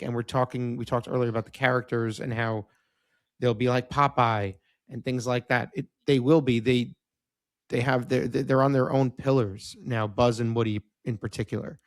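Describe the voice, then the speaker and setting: An upbeat young man chatting on a movie podcast in a middle-pitched voice. He agrees readily and keeps the talk moving. The sound is dry and close to the mic. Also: dry recording. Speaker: podcast co-host. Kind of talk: casual chat.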